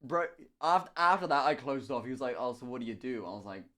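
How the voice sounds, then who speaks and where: A young man from Somerset, a streamer chatting casually while he paints, telling stories excitably with lots of swearing and laughter. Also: mid-range voice, fast. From Somerset, England. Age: young adult.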